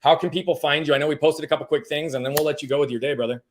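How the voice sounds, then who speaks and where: A man hosting a live-streamed coaching interview, effusive and affirming, warmly praising his guest. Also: on the high side, fairly even intonation, racing. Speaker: host.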